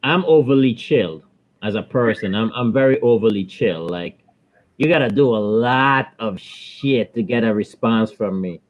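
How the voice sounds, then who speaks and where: A man's voice: fairly low pitch, lively intonation, moderate pace, lo-fi sound. A man guest in casual banter on a live stream, laid-back, laughing often as he talks.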